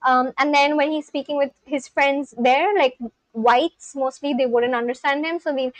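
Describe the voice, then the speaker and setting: A woman's voice: high-pitched, no room sound, poor audio. A woman live-streaming, chatting casually with her viewers as she reads and answers their messages.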